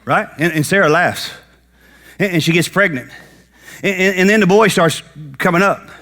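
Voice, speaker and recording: A man preaching a sermon as pastor, acting out Bible characters in lively folksy talk. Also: high-pitched, moderate pace. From United States.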